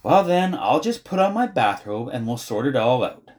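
A man voicing a dreamy, long-winded young boy with a pompous, unhurried way of talking in an audiobook. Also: medium pitch, very animated, a little mellow, pitched above the performer's own voice, natural voice. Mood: unflappable. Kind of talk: audiobook character voice.

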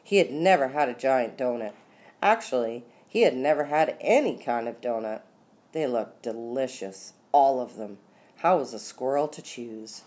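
A woman narrating an audiobook story with expressive, lively delivery and slowed dramatic beats. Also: a bass voice. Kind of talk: scripted narration.

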